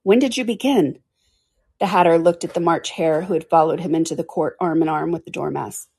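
Brief: woman storyteller, breathy-husky tone, steady read-aloud. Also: sits low, quick pace. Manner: clears throat now and then. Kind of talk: reading a classic storybook aloud.

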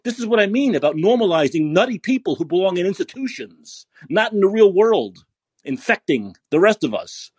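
A man's voice: sits high, big pitch swings, normal speed, husky, no echo. A man hosting a podcast, delivering a profane, sarcastic political rant. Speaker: podcast host. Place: San Francisco.

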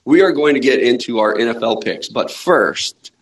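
A man's voice: medium pitch, animated, normal speed, rough recording. A man hosting a sports podcast, chatting casually and joking around with his co-host. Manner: joking, rambling banter.

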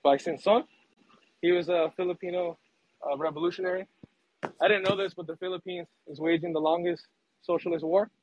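A man's voice: high voice, steady tone, brisk, long pauses, slight background noise. A man calling in to a podcast, blunt and earnest, laughing between points. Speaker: caller. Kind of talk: casual call-in chat. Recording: dull, dry phone-in audio.

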